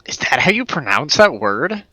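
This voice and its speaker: A man's voice: fairly high pitch, very animated, moderate pace, sharp tone, poor audio. A young man playing in a tabletop game, hesitant and chatty as he searches spell lists. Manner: hesitant, restarts, searches aloud. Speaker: player. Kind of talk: casual chat during a game.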